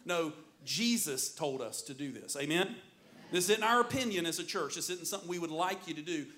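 A middle-aged man preaching a sermon as pastor, in an animated, joking storytelling manner. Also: fairly high pitch, brisk.

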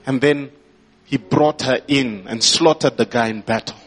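A man's voice: mid-range voice, unhurried, faint music behind. A man preaching a sermon as pastor, prompting the congregation and rising into emphatic bursts.

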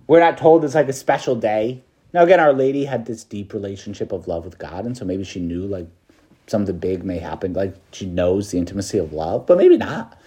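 A man's voice: on the low side, expressive, brisk, mellow, husky. A male priest preaching a meditation to students in a casual, chatty way, with slang and laughter.

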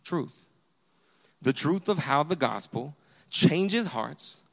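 Male pastor, animated emphatic sermon delivery, slightly higher voice, long hall reverb. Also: slow, vocal fry. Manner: animated, emphatic preaching with repeated "hear me". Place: church sanctuary.

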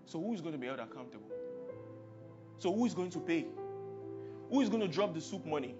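A male preacher with a Nigerian accent delivers a very animated sermon at a slightly fast pace, sinking to near-hushed tones before building to forceful, emphatic climaxes. His medium-pitched voice sounds dull and muffled, with soft music faint beneath.

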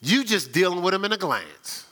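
A man's voice: high-pitched, very animated, normal speed, pushed and bright. A man preaching a conversational sermon, telling stories in a folksy, chatty way and often repeating himself. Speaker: pastor. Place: church sanctuary.

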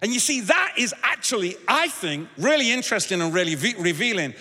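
Man, pastor, conversational sermon, bright high voice, long church reverb. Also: sing-song, fairly quick, slightly rough. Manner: conversational, repeats words, shifts into acted quotes.

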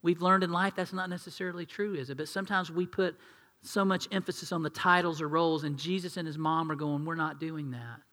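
A man's voice: a little high, pushed and bright. A male pastor preaching a sermon in a conversational way, asking the congregation questions and acting out quotes. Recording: long reverb of a large hall.

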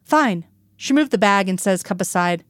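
A woman reads a story aloud in a steady, even narrating voice. Her pitch sits in the middle of the range. The recording is close and dry, with no room sound. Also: fast, smooth, no room sound. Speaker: audiobook reader. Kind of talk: reading fan fiction aloud.

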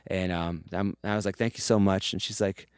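A man telling a story as a podcast guest, animated and profane, mimicking the voices of the people he quotes. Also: deep voice, brisk, clean tone, no room sound, clean studio sound. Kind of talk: casual storytelling.

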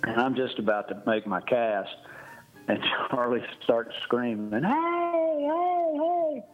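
A man's voice: fairly low pitch, fairly even intonation, measured pace, lo-fi sound, soft background music. A man casually telling a long fishing anecdote on a podcast, laughing as he rambles. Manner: rambling, laughing storyteller with restarts. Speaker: guest storyteller.

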